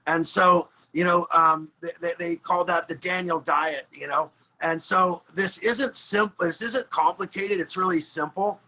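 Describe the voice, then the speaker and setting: Bright high-voiced man hosting a call. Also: fairly even intonation, measured pace, hardly any pauses, a little hiss or hum, low-quality recording. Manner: rambling, searches for words, retells a story. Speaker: host. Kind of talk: casual chat on a video call. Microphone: video call.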